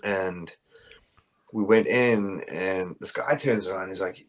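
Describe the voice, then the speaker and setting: A man with a South African accent talks through his answers casually, circling back with fillers and restarts. His voice sits fairly low. He is calling in to the interview by phone. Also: a little slow. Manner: rambling, many fillers and restarts. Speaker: bassist, interview guest. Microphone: phone call.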